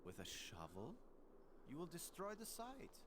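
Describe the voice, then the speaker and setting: A sarcastic, fussy archaeologist. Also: male voice, on the high side, wildly swooping pitch, a little slow, background noise. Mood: indignant. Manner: sarcastic, indignant. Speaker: game character, archaeologist. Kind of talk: 1990s adventure game voice acting.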